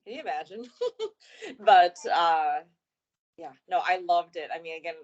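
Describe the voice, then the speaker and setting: A woman co-hosts a casual wrestling chat in a lowish voice. She agrees readily and adds her own enthusiastic take. The audio sounds dull and lo-fi. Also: very animated, a little slow. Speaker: podcast co-host.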